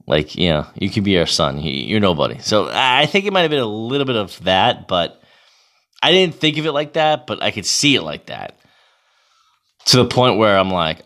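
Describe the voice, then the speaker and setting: A man's voice: low voice, expressive, normal speed, fairly bright tone. A young man from Massachusetts, a beer league hockey goalie, ranting casually to camera with profanity and lots of fillers. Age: young adult.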